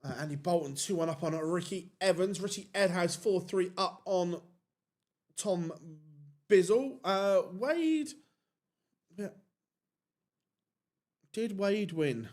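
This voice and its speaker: A man's voice: high voice, expressive, slow pace, pauses often, a little mellow. Chatty man commentating live darts. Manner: casual, chatty, reads viewer questions.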